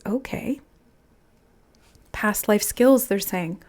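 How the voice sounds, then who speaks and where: Soft-spoken woman giving a tarot reading. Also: mid-range voice, steady tone, normal speed. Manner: musing, soft-spoken, channeling aloud. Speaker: tarot reader. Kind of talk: intuitive spiritual reading.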